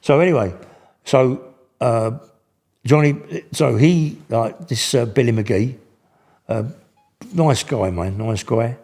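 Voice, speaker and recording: A man's voice: mid-range voice, takes it slowly, pauses often, darkish tone. Rambling older man telling stories. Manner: rambling, slangy, full of restarts. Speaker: guest. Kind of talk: casual storytelling.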